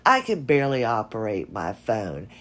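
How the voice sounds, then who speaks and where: A woman's voice: a bass voice, wildly swooping pitch, moderate pace. A woman hosting her own podcast, talking casually with a nasal voice and a chatty, rambling, self-laughing manner. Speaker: podcast host. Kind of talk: casual solo podcast talk.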